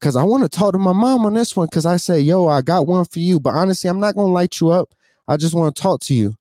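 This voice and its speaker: Man in his thirties, higher voice, dark tone, dry sound: tearful profane rant to camera, lots of sighs. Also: animated, fast talker, dry recording. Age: 30s. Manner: profane, repetitive, keeps asking "you know what I'm saying". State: tearful, sighing. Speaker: vlogger. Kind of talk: emotional unscripted rant to camera.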